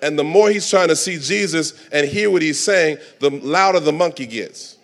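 A man in the pulpit delivers a sermon with a somewhat high-pitched voice. His delivery is dramatic, drawing the congregation close with quiet asides before building to fervent shouts. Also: normal speed. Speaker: pastor.

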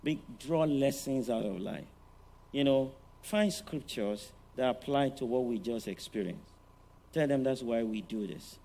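A man preaching a sermon on parenting, animated and rhetorical, often checking in with his listeners. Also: medium pitch, measured pace. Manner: animated, rhetorical, often asks "all right?".

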